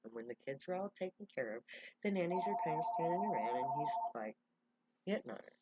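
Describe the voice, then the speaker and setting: A woman telling a story in a casual, animated way, often laughing and acting out quotes. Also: low-pitched, quick pace, dull audio, heavy background noise.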